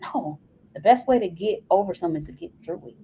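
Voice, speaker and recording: Woman guest on a podcast, kinda low voice, earnest, giving advice, faint hiss. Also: animated, fast, dark tone, low-quality recording. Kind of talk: casual podcast conversation.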